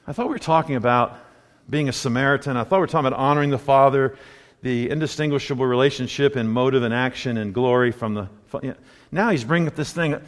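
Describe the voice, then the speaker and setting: A man's voice: mid-range voice, fast. Man preaching in an echoing hall. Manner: conversational preaching, rhetorical questions, wide swings from loud to hushed. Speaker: pastor. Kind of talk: sermon.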